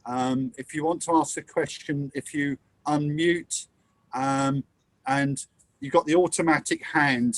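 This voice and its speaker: A man's voice: mid-range voice, no room sound. An easygoing man from England runs the question session of an online meeting. He talks through fillers and restarts, his voice close and dry from a computer mic. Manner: relaxed, hesitant, many fillers. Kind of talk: hosting a video call Q&A. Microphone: computer mic on a video call.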